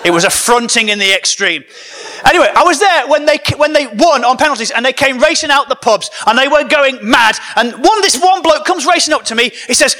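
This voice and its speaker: A man who is a comedian giving a funny sermon to a live audience, animated and joking with the crowd. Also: very high-pitched, fairly quick. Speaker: comedian preaching.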